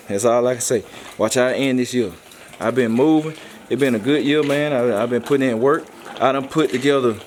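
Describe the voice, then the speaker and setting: A man's voice: mid-range voice, darkish tone, a little hiss or hum. Laid-back man hyping his car plans. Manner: laid-back, repetitive, hype talk with slang. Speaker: car vlogger. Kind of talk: casual vlog talk.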